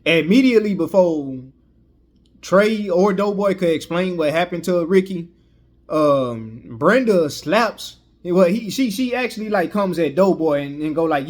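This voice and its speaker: A man with a slightly higher voice recaps a film casually. He rambles, often restarting sentences and filling gaps with "you know.". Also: expressive, measured pace. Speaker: movie reviewer.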